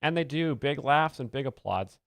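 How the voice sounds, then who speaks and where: A man giving earnest, rambling, deadpan mock-expert commentary as a comedy show host, close to the mic. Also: medium pitch, moderate pace, no room sound.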